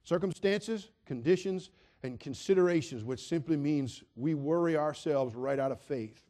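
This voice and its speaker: A man with a high voice delivers a dramatic sermon. He drops to quiet asides, then rises to loud, shouted points. He calls out to the congregation and acts out the people he describes. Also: normal speed. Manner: acts out quoted voices, addresses listeners directly. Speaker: preacher.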